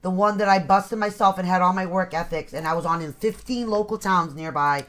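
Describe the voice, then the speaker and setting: A live stream host chatting casually, enthusiastic and quick to affirm the guests. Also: medium pitch, a bit bright, a little hiss or hum. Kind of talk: casual chat.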